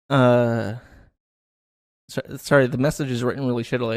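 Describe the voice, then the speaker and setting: A man talks through a story in loose, casual commentary, trailing into sardonic asides. His voice sits at an ordinary pitch. The sound is close and dry, with no room around it. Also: steady tone, moderate pace, pauses often, dry recording. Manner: loose delivery with fillers and restarts. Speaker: online commentator. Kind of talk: casual commentary reading out messages.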